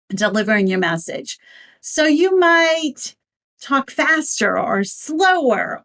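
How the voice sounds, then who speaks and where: A woman teaching how to write and deliver a speech, talking clearly and with emphasis, and her pitch jumps up to stress her points. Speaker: public speaking coach. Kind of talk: instructional talk on speechwriting.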